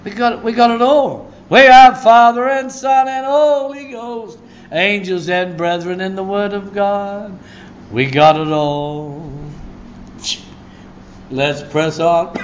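A man preaching a sermon as a pastor, telling stories with a lively delivery and breaking into shouts of praise. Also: high-pitched, measured pace, slight background noise.

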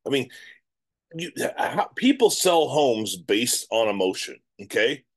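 A middle-aged man giving real estate advice straight to camera, animated and emphatic, often repeating his words. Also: mid-range voice, slow. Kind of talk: direct-to-camera advice talk.

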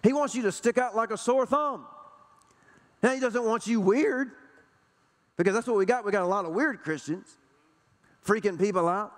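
A man's voice: high-pitched, normal speed, pauses often, long reverb tail. A man preaching a sermon to a church congregation, emphatic, hammering home repeated rhetorical questions. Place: church sanctuary.

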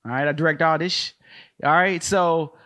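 A man's voice: fairly high pitch, steady tone, moderate pace, pushed and bright, no room sound, clean studio sound. A man hosting a podcast, riffing comedically in a rambling way with lots of slang and laughter.

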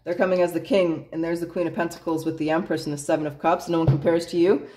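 A woman's voice: lowish voice, flat delivery, quick pace, mellow. A woman doing a casual tarot reading in a blunt, chatty way, swearing freely and laughing often. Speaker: tarot reader.

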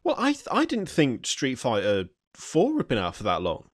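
A man's voice: medium pitch, huge pitch swings, moderate pace, dry recording, clean studio sound. A man hosting a gaming podcast, reading news items aloud and then ranting about them with stammering restarts. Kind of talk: news reading and casual chat.

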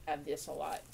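A woman with a low, gravelly, slightly mellow voice hosts a casual podcast, with slight background noise audible. She chats while opening mail, gushing, laughing often, and sarcastically making fun of herself.

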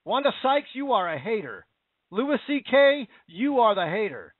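A man's voice: very high-pitched, big pitch swings, normal speed, dry recording. An American man giving an indignant, repetitive political opinion rant. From United States. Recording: dry, phone-like narrow audio.

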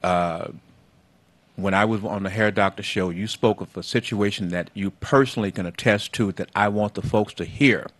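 A man's voice: lowish voice, fairly bright tone. Folksy man hosting a call-in show. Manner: folksy, drawn-out emphasis, calls guests baby. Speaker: talk show host. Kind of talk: call-in talk radio.

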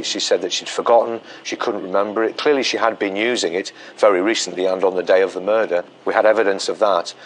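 A man, a police detective recounting an investigation in a documentary interview, measured and full of ums and restarts. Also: lowish voice, a little hiss or hum, poor audio.

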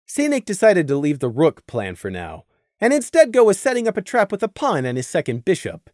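A narrator reading a fan audiobook with expressive storytelling on a close mic. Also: medium pitch, dry recording.

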